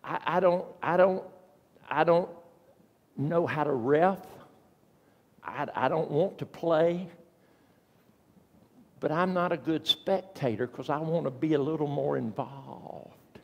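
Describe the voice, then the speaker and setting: An older man preaches in a church, spinning folksy personal stories and punching certain words with sudden loud emphasis. His voice sits a bit high for a man. The sound carries a long reverb from the large church hall. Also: slow pace, gravelly, long pauses, breathy edge. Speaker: pastor. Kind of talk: sermon. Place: church sanctuary.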